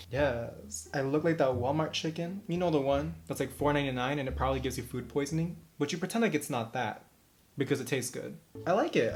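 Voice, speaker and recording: Young male makeup vlogger, mid-pitched, chatty and self-mocking, faint music underneath. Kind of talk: casual makeup tutorial chat. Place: at home during quarantine.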